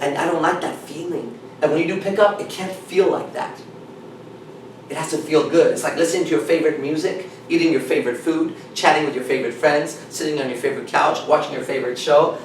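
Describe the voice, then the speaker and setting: A man coaching a small group, talking bluntly and with heavy swearing. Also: on the high side. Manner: blunt, profane, emphatic. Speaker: dating coach. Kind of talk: seminar talk to a small group. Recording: echoey room, mic far off, faint noise.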